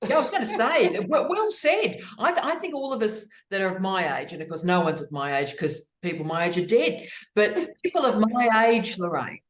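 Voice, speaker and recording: An effusive middle-aged woman hosts a webinar over a video call. Her voice sits at an ordinary pitch, and the room around her sounds echoey. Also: a little fast, hardly any pauses. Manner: effusive and expressive. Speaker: host. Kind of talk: casual webinar discussion.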